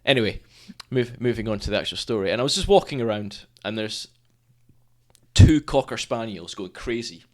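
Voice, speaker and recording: A man's voice: fairly low pitch, moderate pace. A man co-hosting a casual nature chat, telling stories and acting out the people he quotes. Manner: animated storyteller, acts out quoted people. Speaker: podcast co-host.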